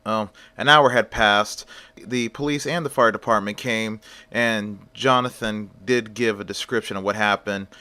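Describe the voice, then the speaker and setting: A man's voice: on the low side, steady tone, a little slow, pushed and bright, smooth. A man casually retelling a story in a rambling, conversational way.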